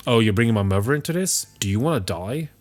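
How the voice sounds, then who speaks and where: A man's voice: medium pitch, expressive, fast talker, soft background music, close to an everyday voice. A man voicing a brash, swaggering male wolf who taunts and calls people fool. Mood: cocky.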